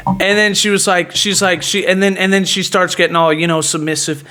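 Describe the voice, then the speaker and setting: A man's voice: high voice, steady tone, brisk, sharp tone, a little hiss or hum. A young man hosting his own show, telling a boastful story in a brash, mocking way, laughing at his own jokes and filling his talk with "like" and "you know what I mean.". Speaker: podcast host.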